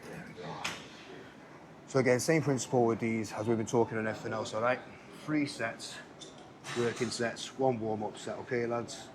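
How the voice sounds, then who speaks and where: Man, casual gym tutorial, coaching, chatty, loud gym noise behind. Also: medium pitch, fairly even intonation, normal speed, long pauses. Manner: chatty, coaching, keeps checking in with "okay, lads?". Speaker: fitness instructor. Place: indoor gym.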